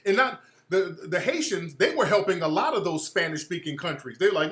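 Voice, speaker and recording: A man's voice: high-pitched, lively intonation, moderate pace, few pauses, a bit bright, reverberant. A man hosting a talk radio show, delivering a blunt, profane monologue that repeats and restarts phrases. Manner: acts out quoted people in mocking voices.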